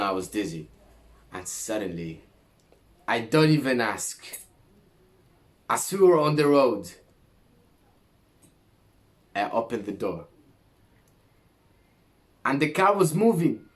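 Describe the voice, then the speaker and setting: A young man from Greece tells a personal story to his camera, unhurried and drawn out. He swears freely and uses slang, and his pitch sits in an ordinary middle range. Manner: animated, swears a lot, slangy. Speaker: vlogger.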